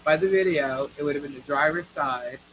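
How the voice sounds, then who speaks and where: A woman's voice: low voice, brisk, a bit bright, slight background noise, low-quality recording. Blunt New York woman chatting live. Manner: blunt, opinionated, swears casually. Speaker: livestream co-host. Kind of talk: casual live chat reacting to viewers.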